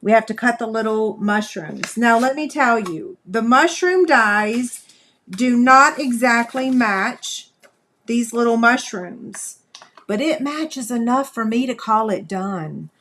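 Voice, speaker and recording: Slow, chatty crafting woman. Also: on the high side, expressive, a bit bright. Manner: chatty, folksy, talks to viewers while working. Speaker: crafting livestream host. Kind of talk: live craft demonstration.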